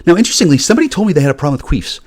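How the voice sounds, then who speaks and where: A man's voice: on the high side, very animated, a little mellow. A man on a livestream panel delivering a rambling conspiratorial monologue, profane and full of restarts. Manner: profane, rapid, repetitive restarts.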